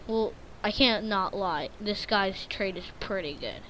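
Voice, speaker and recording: A woman's voice: mid-range voice, measured pace, fairly bright tone, a little hiss or hum. A woman giving live gameplay commentary, jittery and easily frightened, repeating words in nervous strings and breaking into sudden shrieks. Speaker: gaming channel host.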